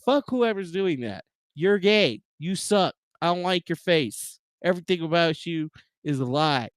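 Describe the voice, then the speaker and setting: A man streaming from his home setup, ranting casually and profanely, swearing at his own software. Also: on the high side, lively intonation, unhurried, dry recording, clean studio sound. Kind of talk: casual livestream rant. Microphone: desk microphone with noise gate.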